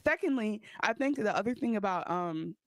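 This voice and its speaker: Woman, podcast co-host, casual recap chat, profane, acts out quotes, dry sound, mid pitch. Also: expressive, normal speed, no echo.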